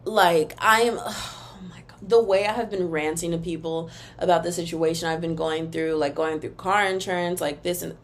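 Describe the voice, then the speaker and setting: A young woman hosting a casual solo podcast, ranting in an animated, emphatic, rambling way, and now and then breaking into a taunting sing-song chant. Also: lowish voice, moderate pace, few pauses, a little hiss or hum. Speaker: podcast host.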